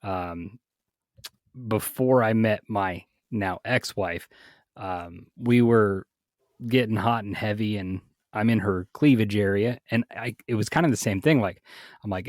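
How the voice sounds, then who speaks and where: Man, podcast guest, low voice, slow halting delivery, dry close mic. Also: no echo. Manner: slow, hesitant storyteller with many ums. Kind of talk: casual podcast banter.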